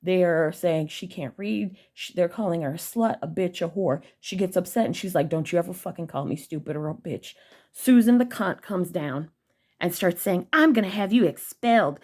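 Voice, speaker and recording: A woman's voice: on the low side, expressive, moderate pace, darkish tone. A young woman telling an angry personal story to her viewers, blunt, heated and full of swearing. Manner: blunt, profane and heated, addressing viewers directly. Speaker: vlogger.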